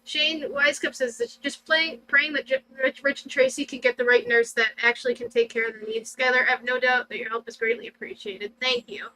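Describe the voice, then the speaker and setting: A woman's voice: sits high, steady tone, fairly quick, hardly any pauses, noisy background. A middle-aged woman co-hosting a casual livestream, chatty and giggly as she thanks viewers by name. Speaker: livestream co-host.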